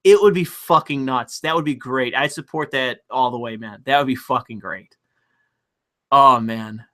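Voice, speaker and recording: A man hosting a livestream, ranting profanely and excitably while reading chat donations aloud. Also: medium pitch, moderate pace. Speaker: livestream host. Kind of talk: casual livestream rant.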